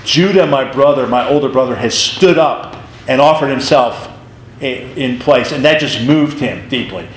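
A man's voice: medium pitch, lively intonation, moderate pace, roomy sound, a little hiss or hum, low-quality recording. A man teaching a Bible class in a casual way, retelling the story with animation and acting out the figures' lines.

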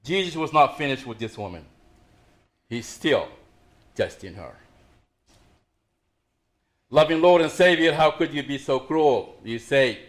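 A middle-aged man preaching a sermon as pastor, swinging between raised emphasis and quiet asides. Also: medium pitch, expressive, measured pace, long pauses.

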